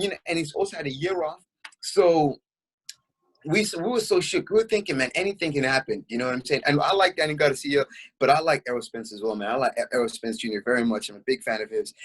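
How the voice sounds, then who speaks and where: A young man, chatting excitedly as co-host of a boxing talk show, with lots of fillers. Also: fairly high pitch, husky, poor audio. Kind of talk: casual chat.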